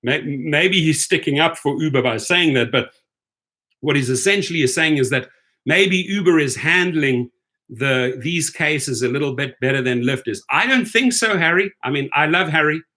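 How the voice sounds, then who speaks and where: A man's voice: fairly high pitch, animated, moderate pace, pushed and bright. A man hosting a rideshare video channel, delivering an indignant commentary rant, repeating himself and checking in with "right?". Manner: indignant, repetitive, keeps asking "right?".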